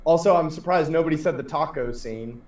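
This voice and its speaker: A man's voice: fairly high pitch, brisk, darkish tone. Man co-host in a roomy, muffled room. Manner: laid-back, steers the discussion. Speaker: podcast co-host. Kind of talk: casual chat. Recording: roomy, distant and dull lo-fi sound.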